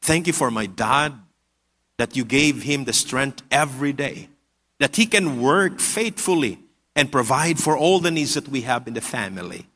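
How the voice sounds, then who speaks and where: A man putting on a young boy's voice who prays softly and then shouts his wishes, heard with long hall reverb. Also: high-pitched, lively intonation, normal speed, few pauses. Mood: soft grateful. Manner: soft whispery prayer, then shouting pleas. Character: young boy praying for a game console.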